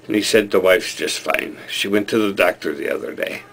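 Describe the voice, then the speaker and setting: Guy doing a put-on irish storyteller, deep and gravelly, chatty joke vibe. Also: fairly quick, noisy background. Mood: jokey. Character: joking Irish man telling a pub yarn.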